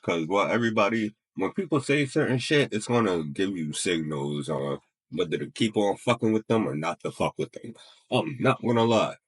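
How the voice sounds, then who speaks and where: Husky low-voiced man reacting bluntly. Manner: blunt, profane, laughing asides. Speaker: reaction streamer. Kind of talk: casual reaction commentary.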